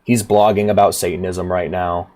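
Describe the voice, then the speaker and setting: A man's voice: low voice, level tone, normal speed, darkish tone, pitched below the performer's own voice, close to an everyday voice. A man doing a weary damned old ancestor. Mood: glum. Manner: sighing, apologetic, glum.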